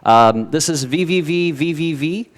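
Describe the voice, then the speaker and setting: A man's voice: on the high side, expressive, unhurried. A man casually presenting a speedrun live, rambling with many fillers and laughing off mishaps. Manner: loose and rambling, lots of "uh" and "um", laughs it off.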